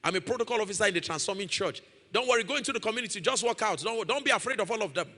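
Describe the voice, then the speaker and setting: A breezy, boastful church officer, as a preacher puts him on, who brushes off danger with quick, offhand talk in a bright, high voice. A long hall reverb trails behind him. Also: male voice, lively intonation, exaggerated voice. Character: relaxed, boastful male church protocol officer.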